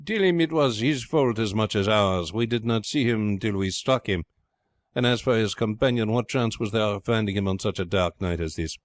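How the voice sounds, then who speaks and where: A man's voice: on the low side, normal speed, no room sound, natural voice. A man voicing a blunt, commanding sea captain. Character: brusque middle-aged privateer ship captain, mocking.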